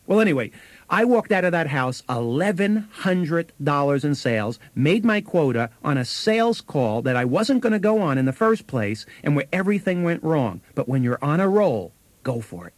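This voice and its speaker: A man recounts sales anecdotes with lively, swinging pitch and acted-out quotes from the people in them. His voice sounds close and dry, with no room around it. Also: normal speed, dry recording. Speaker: sales trainer co-host. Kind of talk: storytelling on a sales training tape.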